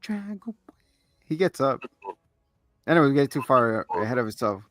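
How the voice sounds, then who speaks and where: A man co-hosting a casual review podcast, retelling scenes with animated energy and casual swearing. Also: medium pitch, normal speed, dry recording, clean studio sound. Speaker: podcast co-host reviewing a TV show. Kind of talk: casual chat.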